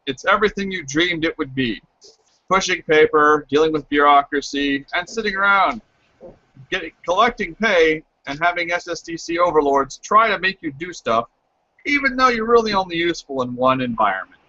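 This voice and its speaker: A man's voice: fairly high pitch, animated, moderate pace, sharp tone, no room sound, highs cut off. A man running a tabletop game as game master, narrating the scene in a dry, joking way over online voice chat.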